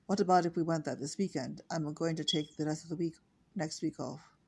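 A man's voice: on the high side, steady tone, fairly quick, creaky, slightly rough. A reader voicing a suspicious, secretive man who talks in a terse, guarded way.

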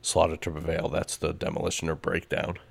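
A man's voice: extremely low pitch, monotone, brisk, creaky, slightly rough. A young man co-hosting a podcast in casual chat, laid-back and laughing often as he tells stories. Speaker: podcast co-host.

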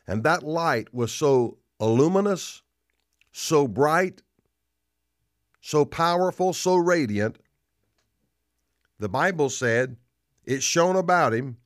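Male pastor, sermon delivery, emphatic and repetitive, somewhat high voice, dry close sound. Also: expressive, no room sound. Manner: emphatic, repetitive preaching with dramatic pauses.

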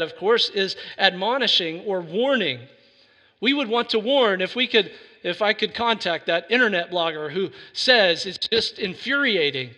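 High bright-voiced man preaching in a hall. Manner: earnest, builds to emphatic preaching. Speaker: pastor. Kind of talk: sermon. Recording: reverberant hall sound.

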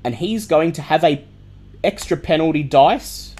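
A man narrating a tabletop game as game master, in a measured, descriptive way. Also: a little high, darkish tone, breathy edge.

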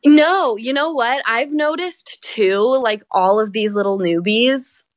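A woman's voice: fairly high pitch, slow. A woman co-hosting a podcast, chatting casually, filling her talk with "like" and swearing freely. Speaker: podcast co-host. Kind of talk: casual chat. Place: at home, apart from co-host.

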